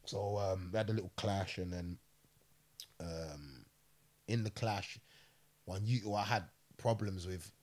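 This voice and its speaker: A man tells prison stories in a relaxed podcast chat. He speaks in street slang, swears freely and keeps checking in with "you get me". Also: low-pitched, a little slow, long pauses. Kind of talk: casual storytelling chat.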